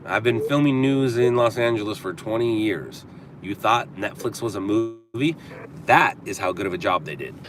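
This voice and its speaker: A man's voice: on the low side, lively intonation, normal speed. A man from Southern California hosting a casual livestream, talking back to viewer comments in a sarcastic, riffing way. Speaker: livestream host. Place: in a car.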